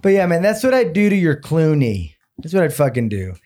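A man co-hosting a casual podcast chat, animated and profane, slipping Spanish phrases into his talk. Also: fairly high pitch, a little fast. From Amarillo, Texas area. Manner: animated, swears a lot, mixes in Spanish phrases. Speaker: podcast co-host.

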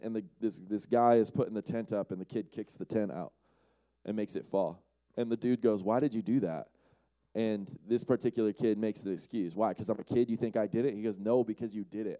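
A man's voice: mid-range voice, mellow, no echo. A man giving a casual, conversational sermon to a live audience, often asking the crowd questions and acting out quotes. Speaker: youth speaker.

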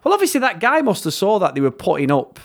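A man's voice: high voice, wildly swooping pitch, fast talker. Guy rambling thru movie scenes, doing little impressions. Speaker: podcast co-host. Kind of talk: casual film review chat.

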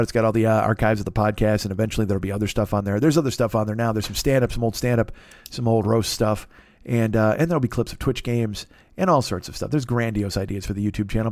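A man's voice: mid-range voice, darkish tone, dry recording. A middle-aged man hosting a comedy podcast, ranting casually in a sarcastic, profane and rambling way.

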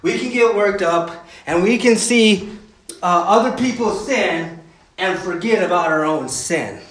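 A man's voice: sits high, animated, unhurried, fairly bright tone, roomy sound, poor audio. A man preaching a sermon in a conversational way, full of fillers and "right?" asides. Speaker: pastor.

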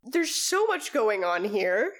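A woman's voice: mid-range voice, sing-song, slow pace. A woman co-hosting a casual chat, teasing her co-host and drifting off on tangents. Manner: teasing, chatty, drifts off topic. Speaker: podcast co-host.

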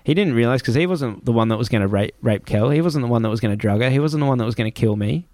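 A man's voice: mid-range voice, very fast, no room sound. Man telling a story, dry close sound. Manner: animated retelling, acts out the voices in his story. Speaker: guest. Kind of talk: casual storytelling.

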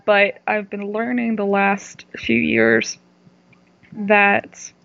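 Woman guest, fry in the voice, candid storyteller who pauses for words; dry, muffled podcast sound. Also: mid-range voice, sing-song, a bit bright, no echo. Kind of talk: casual interview chat. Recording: dull dry podcast audio.

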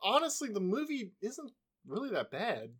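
A man with a high voice, co-hosting a casual film podcast. He jokes around, laughs easily and swears now and then. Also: wildly swooping pitch, normal speed, a bit bright, breathy edge. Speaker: podcast co-host.

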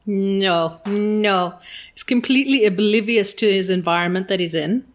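A woman's voice: medium pitch, normal speed. A woman discussing a book casually, blunt and questioning.

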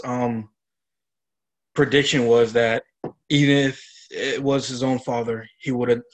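A man co-hosting a casual chat, talking in a halting way with repeated words as he corrects details. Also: mid-range voice. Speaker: podcast co-host. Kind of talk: casual chat recapping an anime.

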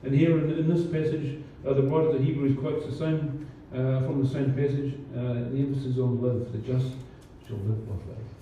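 Mellow-voiced pastor in an echoey hall. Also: male voice, mid-range voice, little pitch movement, normal speed, hardly any pauses, slight background noise. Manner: conversational, many fillers and restarts. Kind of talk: sermon. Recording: distant, roomy, dull church recording.

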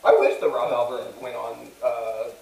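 A man's voice: medium pitch, moderate pace, vocal fry, a little mellow, distant mic. A man co-hosting a live comedy show, rowdy and hyped up, laughing often through crude banter. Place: room, live stream. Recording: echoey room, off-mic, crowd noise.

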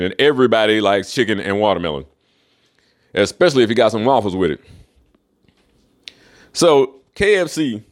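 A man hosting a solo podcast, ranting in a casual, profane and emphatic way. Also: mid-range voice. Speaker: podcast host.

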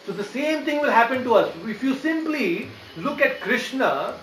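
High-voiced man preaching in an echoey room. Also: animated, normal speed, few pauses, a bit bright, slight background noise. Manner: explanatory, checks in with the audience. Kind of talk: devotional lecture. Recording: echoey room with faint ambience.

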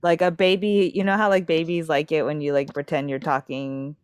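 A woman's voice: sits low, level tone, fairly quick, a little hiss or hum. A young woman in casual chat, talking loosely with lots of fillers and laughter.

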